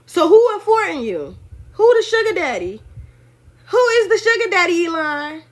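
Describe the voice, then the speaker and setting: A high-voiced woman in her thirties riffs on politics in a loose, chatty monologue. She keeps it lively, slipping into mock voices to act out what others said and laughing along the way. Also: normal speed. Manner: animated, acts out quotes in put-on voices, laughs often. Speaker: political commentary host. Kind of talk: casual opinion monologue.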